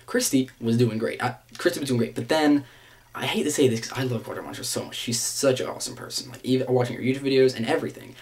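A man's voice: mid-range voice, darkish tone. Man in a mid-range voice, rambling vlog reaction, stumbles and restarts, laughs a lot. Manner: rambling and hesitant, many restarts and filler words; laughs often. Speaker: vlogger reviewing a reality show episode. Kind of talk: casual reaction commentary.

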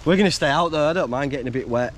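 A man's voice: fairly high pitch, rapid-fire, a little hiss or hum. A man vlogging casually outdoors in the woods, talking to his dog, enthusiastic and swearing now and then. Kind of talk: casual outdoor vlog talk.

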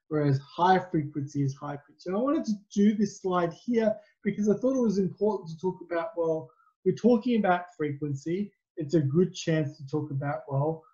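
A man delivers a physics lesson at an unhurried pace, wandering through his explanations with ums and restarts. His voice is mellow and relaxed. The recording sounds dull and lo-fi. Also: fairly high pitch. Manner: conversational, rambling explanations with fillers. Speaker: physics teacher. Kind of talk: recorded classroom lecture.

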